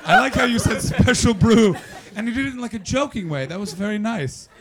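A man from Canada doing stand-up crowd work on a club stage, brash and profane, mocking the audience with quick banter. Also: high voice, expressive, heavy background noise. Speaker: stand-up comedian. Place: comedy club stage before a live audience. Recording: live club with loud crowd. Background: audience laughter.

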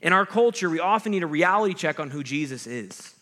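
A man's voice: on the high side, expressive, a little fast, bright, forceful tone. A male pastor giving a sermon in a casual, conversational way, often checking in with his listeners. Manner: conversational preaching, often asking "right?" to the listeners. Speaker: campus ministry pastor.

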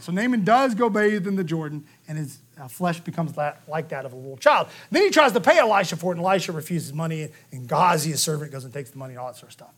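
A man preaching a sermon, telling the story lively and acting out the quotes, with a frequent "okay?" to the room. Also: fairly high pitch, fast talker, few pauses. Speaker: pastor.

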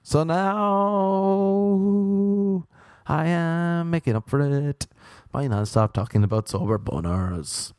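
A man's voice: fairly high pitch, slow, darkish tone, smooth, dry recording, clean studio sound. A young Irish man hosting a podcast, telling stories in a rambling, self-mocking comic monologue. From Ireland. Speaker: podcast host.

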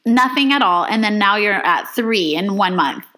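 Woman podcast host, bright voice, supportive and brief. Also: medium pitch, lively intonation, normal speed, rough recording. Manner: supportive, brief encouraging replies. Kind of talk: casual interview chat.

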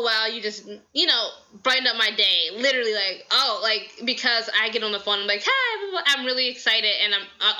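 An energetic, bubbly woman from the American South, hosting a podcast with casual, chatty advice. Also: medium pitch, highs cut off. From Southern United States. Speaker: podcast host.

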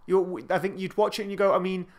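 A man's voice: high voice, level tone, fast talker, a little mellow. A man co-hosting a podcast in wry, rambling casual chat. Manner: wry, rambling, laughs easily. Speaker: podcast co-host.

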